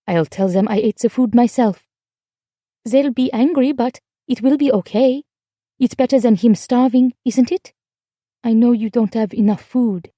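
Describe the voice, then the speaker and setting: A woman voicing an earnest teenage French girl in an audiobook, speaking in a pleading, eager way, a little higher and lighter than her narration. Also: measured pace, dark tone, dry recording, studio quality. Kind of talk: audiobook character voice.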